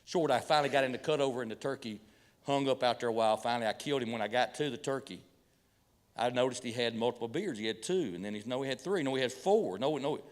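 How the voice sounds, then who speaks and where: A middle-aged pastor with a medium-pitched voice talks fast, turning folksy hunting stories into a sermon and stumbling and restarting along the way. His relaxed, homespun style blends humor with preaching, and his voice rings through a large church hall with a long reverb tail.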